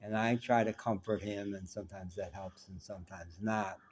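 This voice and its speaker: A man's voice: fairly low pitch, steady tone, moderate pace, a little hiss or hum. A man vlogging, telling a personal story in a rambling, candid, self-reflective way.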